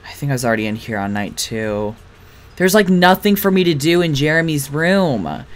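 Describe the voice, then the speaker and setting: A woman's voice: sits low, expressive, moderate pace. A woman streaming a game, reacting with sassy, swearing casual commentary.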